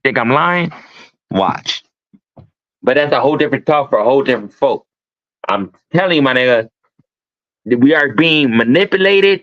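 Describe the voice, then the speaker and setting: A man's voice: mid-range voice, a bit bright, dry recording. A man hosting a livestream talk show, ranting emphatically with a lot of profanity. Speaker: host. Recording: dull lo-fi stream audio.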